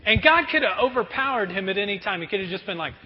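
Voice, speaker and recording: A pastor preaching a sermon in a conversational, animated way. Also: male voice, sits high, quick pace. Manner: animated, conversational, acts out prayers. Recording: dull recording with long hall reverb.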